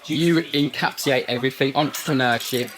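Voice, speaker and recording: A man's voice: mid-range voice, a little fast, noisy background. A man from the Midlands hosting a casual interview in a pub, keeping the banter easy and friendly. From English Midlands. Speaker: host. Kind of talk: casual chat.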